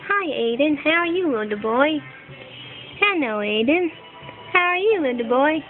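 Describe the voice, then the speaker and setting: A woman voicing a friendly toy tiger, greeting a toddler in a high sing-song, on a tinny phone recording with music behind. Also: lively intonation, unhurried.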